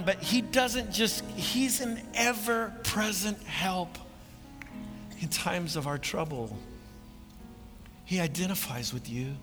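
A man preaches with an impassioned, bright, forceful voice that climbs to emphatic peaks and then falls quiet. His words ring out in a large hall with a long reverb, and faint music plays underneath. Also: high-pitched, measured pace. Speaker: pastor. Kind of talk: sermon.

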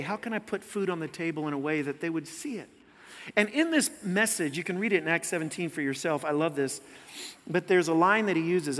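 A man preaching a sermon as a pastor, telling stories and acting out quotes with lively, animated delivery. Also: a little high. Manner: storytelling, animated, acts out quotes and shouts. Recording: long hall reverb.

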